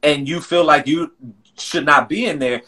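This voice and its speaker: A man's voice: fairly high pitch, normal speed, sharp tone. A man talking earnestly and emotionally in a live-streamed conversation. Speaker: guest, choreographer and artistic director.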